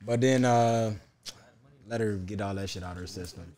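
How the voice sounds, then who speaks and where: A man's voice: fairly low pitch, moderate pace, mellow. A young man co-hosting a podcast, telling a story in casual chat with laid-back slang and frequent laughs. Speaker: podcast co-host.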